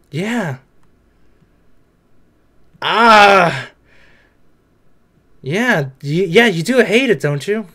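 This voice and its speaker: Male anime reactor with a fairly high voice, excitable and swearing, casual and unscripted. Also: slow, long pauses. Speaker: anime reaction video creator.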